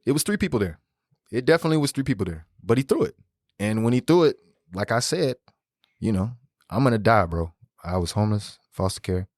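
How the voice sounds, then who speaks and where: A man in his thirties, a podcast guest, telling animated, slangy, profane stories in casual conversation. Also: fairly low pitch, no room sound, studio quality. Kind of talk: casual storytelling interview.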